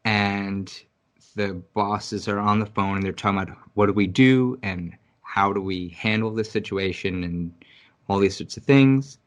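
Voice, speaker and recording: A man's voice: lowish voice, fairly even intonation, unhurried. A man from New York City in casual podcast chat, talking bluntly and emphatically with lots of swearing and restarts. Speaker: podcast co-host.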